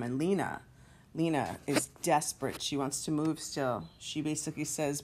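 A woman's voice: deep voice, normal speed, noisy background. A woman teacher walking students through a play, explaining the scenes and reading lines aloud with feeling. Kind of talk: literature lesson walkthrough.

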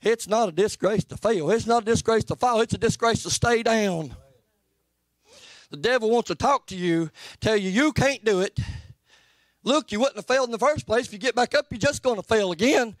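High-voiced man preaching earnestly. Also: normal speed, no room sound. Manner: plainspoken, folksy and earnest, rising and falling in pitch. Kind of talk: sermon. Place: church sanctuary.

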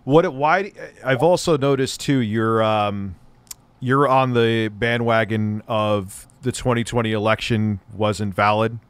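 A man's voice: on the low side, takes it slowly, smooth, dry recording. A man co-hosting a stream, skeptical and questioning in casual chat. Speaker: stream co-host.

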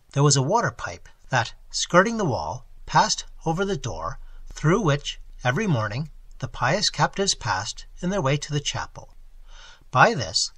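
A man reading a classic novel aloud as an audiobook narrator, in measured storytelling that lightly voices the characters. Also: a little high, a bit bright, breathy edge, no room sound. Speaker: audiobook reader.

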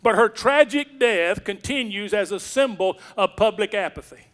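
High-voiced, bright pastor preaching. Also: male voice, lively intonation, normal speed. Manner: emphatic preaching, swinging from loud declarations to hushed storytelling. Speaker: senior pastor. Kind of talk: sermon. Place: church sanctuary.

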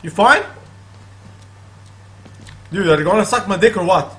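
Male gamer, very high and bright voice, foul-mouthed and jumpy, reacting out loud to a horror game. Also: unhurried, roomy sound, rough recording. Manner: excitable, swearing, talking back at the game. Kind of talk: profane let's play commentary.

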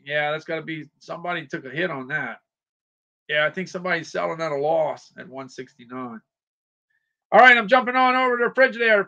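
A man's voice: high-pitched, bright, forceful tone, dull audio. A man hosting a casual livestream, rambling, repeating himself and greeting viewers by name. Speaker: livestream shopping host.

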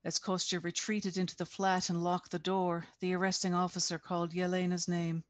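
A woman reads aloud from her own novel in a measured, deliberate way over a video call. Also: on the low side, level tone, dry recording. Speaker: author reading her novel. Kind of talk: expressive reading aloud.

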